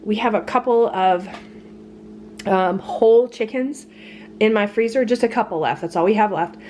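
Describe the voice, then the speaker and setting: Speaking at normal speed in a medium-pitched voice, a vlogger walks through her grocery haul at home despite being sick and tired. She's chatty, lively about the prices, and laughs frequently, with slight background noise audible.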